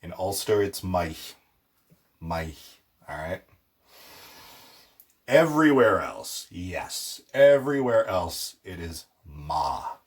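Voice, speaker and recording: A man teaching a casual language lesson, playful, with jokey asides and slow repeated words for pronunciation. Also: low-pitched, sing-song.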